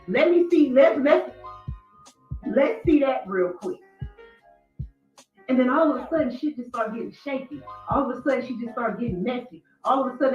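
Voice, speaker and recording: Profane, blunt woman telling a story. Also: fairly high pitch. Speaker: commentary show host. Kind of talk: casual commentary monologue. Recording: roomy, distant mic, dull sound, faint music.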